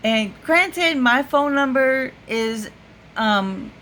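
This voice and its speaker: A woman's voice: high voice, expressive, drawn-out words, fairly bright tone, slight background noise. A woman vlogger telling a story to the camera in a casual way, laughing often and full of fillers. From United States.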